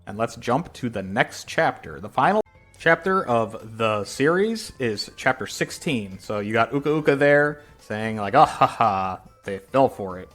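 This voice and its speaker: A man casually retelling a fan comic, rambling and correcting himself as he goes. His voice sits at an everyday middle pitch, and faint music plays under it. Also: a bit bright. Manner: rambling, with fillers and self-corrections. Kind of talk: casual storytelling.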